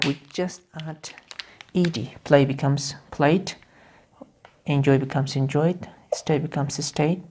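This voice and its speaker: A woman's voice: low-pitched, a little mellow. A woman teaching English grammar in a video lesson. She repeats key words over and over and explains step by step, with frequent restarts. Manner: halting, with restarts and fillers while explaining.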